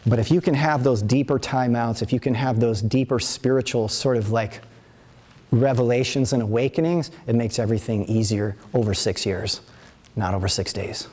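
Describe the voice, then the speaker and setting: 50s guy giving a live workshop talk, loose and chatty, lots of restarts, mid-pitched voice. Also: fairly even intonation, moderate pace, darkish tone. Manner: rambling, conversational, frequent restarts and asides. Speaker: qigong teacher leading a workshop. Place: events center before a live audience.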